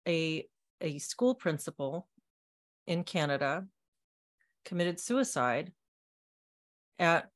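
A woman from Texas with a Texan accent, hosting a live stream in an earnest, halting way with many restarts. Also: deep voice, a bit bright. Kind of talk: casual live-stream chat.

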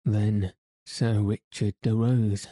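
A male narrator reads an old storybook tale at an unhurried, deliberate pace. His voice sits low and sounds dark and mellow. The recording is dry and close, with no room sound. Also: no room sound. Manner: slow, measured, even reading. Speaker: audiobook narrator. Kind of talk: storybook reading of a classic tale.

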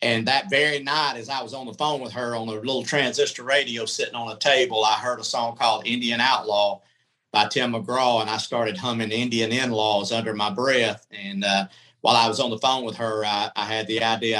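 Man, middle-aged, folksy rambling storyteller, bright forceful tone. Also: mid-range voice, steady tone, brisk, poor audio. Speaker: guest, country singer. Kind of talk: casual storytelling.

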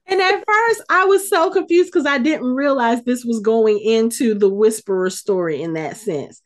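A woman co-hosting a casual podcast, retelling a show's episode with lively acted-out quotes. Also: on the high side, normal speed. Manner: animated storyteller, acts out quotes. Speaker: podcast co-host.

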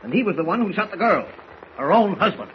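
A blustering, hot-tempered newspaper editor who bellows and sputters in a high, strained voice. Classic 1940s radio acting. The recording is dull and muffled with a faint hiss. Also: male voice, big pitch swings, fast talker. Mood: exasperated. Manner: bellowing, sputtering, colorful exclamations.

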